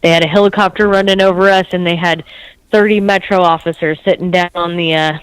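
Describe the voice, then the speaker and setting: An American woman guest giving a soft-spoken, steady update, with frequent ums. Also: on the low side, a little fast, smooth, dry recording, low-quality recording. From United States.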